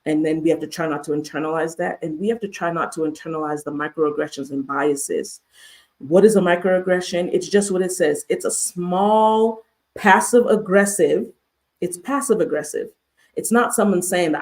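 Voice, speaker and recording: A woman's voice: fairly low pitch, normal speed. A woman hosting a livestreamed mental health talk, speaking emphatically with repeated rhetorical questions. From United States. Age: adult with a master's degree. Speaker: host, therapist.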